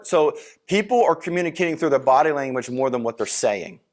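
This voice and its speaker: A man from Philadelphia giving a sales seminar lecture, talking casually with many fillers and acting out sample sales lines. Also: on the high side. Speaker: sales trainer.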